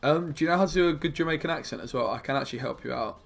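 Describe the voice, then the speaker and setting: A man's voice: on the high side, rapid-fire, gravelly, faint music behind. A young man streaming a card game, chatting casually with his viewers and muttering about his plays. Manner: chatty, laid-back, mumbles asides to himself.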